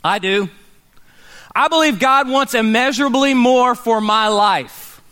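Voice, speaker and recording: A man preaching a sermon, animated, acting out quoted people and calling for congregation responses. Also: very high voice, measured pace. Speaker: pastor. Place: church meeting in a warehouse.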